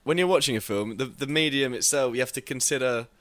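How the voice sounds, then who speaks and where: A man's voice: medium pitch, fast talker, a bit bright, no echo. A man from England co-hosting a casual podcast chat, joking and rambling as he talks. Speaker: podcast co-host.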